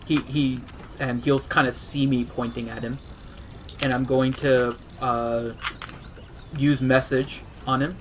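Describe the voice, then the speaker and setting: A man plays in a tabletop game, speaking casually and with some hesitation. When he voices his character he turns polite. His voice sits at a middle pitch, with a faint hiss of noise behind it. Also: little pitch movement, takes it slowly. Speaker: player.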